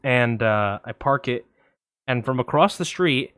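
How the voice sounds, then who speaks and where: A young man co-hosting a podcast, telling a long story in a casual, animated way, swearing freely and acting out the voices of others. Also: mid-range voice, a little slow, smooth, dry recording, studio quality. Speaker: podcast co-host.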